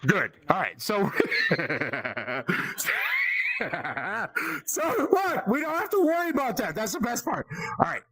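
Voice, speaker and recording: A man in his forties from Boston doing loud, profane improvised stand-up from his spare bedroom, teasing the crowd. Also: sits high, huge pitch swings, slow, slightly rough, poor audio. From Boston, Massachusetts. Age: 40s. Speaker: amateur stand-up comic at a VR community event.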